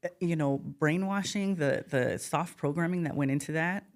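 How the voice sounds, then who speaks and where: A woman's voice: low-pitched, moderate pace. A woman speaking as a guest in a casual podcast conversation, impassioned and blunt, rambling with frequent restarts. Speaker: guest, former inmate.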